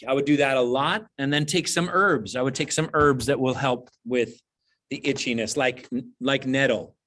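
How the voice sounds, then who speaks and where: A man speaks in a middle-range voice, calm and explanatory, pausing with small fillers as he works through an answer. He sounds like a teacher on a video call. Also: medium pitch. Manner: relaxed, explanatory, thinks aloud with fillers. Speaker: qigong teacher. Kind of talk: casual advice on a video call.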